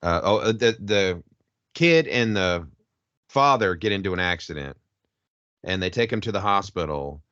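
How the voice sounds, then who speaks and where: An American man with a low voice that moves a lot, co-hosting a casual podcast. He stops and starts as he searches for words. The recording is dry and slightly dull. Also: expressive, normal speed, long pauses, fairly bright tone, no room sound. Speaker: podcast co-host. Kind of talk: casual chat.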